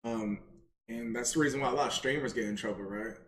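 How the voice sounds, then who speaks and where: A man co-hosting a casual podcast, talking emphatically and repeating phrases for effect. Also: quick pace. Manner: emphatic, repeats phrases, animated pitch jumps. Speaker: podcast co-host. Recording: roomy echo.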